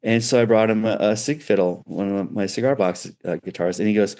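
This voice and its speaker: A middle-aged man, a guitar builder, chatting as a guest in an interview and telling animated, loose stories with frequent restarts. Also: lowish voice, fairly quick. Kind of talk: casual storytelling interview.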